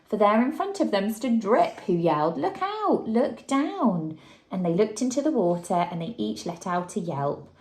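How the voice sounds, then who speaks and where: A woman teacher reads a picture book aloud at story time. Her voice sits at an ordinary middle pitch. She leaps up high for the dinosaurs' shouts and stops to chat with the child about the pictures. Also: normal speed, hardly any pauses. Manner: lively, acts out the dinosaurs' shouts and chats with the child.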